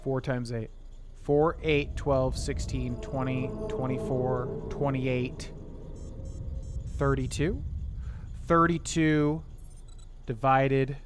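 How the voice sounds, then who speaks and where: A man's voice: medium pitch, fairly even intonation, takes it slowly, pauses often, over music. A man streaming a video game, thinking aloud as he works through sums and grumbles in a half-joking way. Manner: thinks aloud, counting and muttering sums to himself. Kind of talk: casual let's-play commentary.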